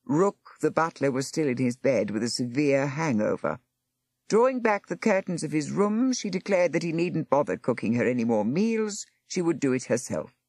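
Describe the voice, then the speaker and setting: A woman narrating a story aloud in an expressive storytelling manner. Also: low voice, normal speed, breathy edge, no room sound, clean studio sound. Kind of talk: audiobook narration.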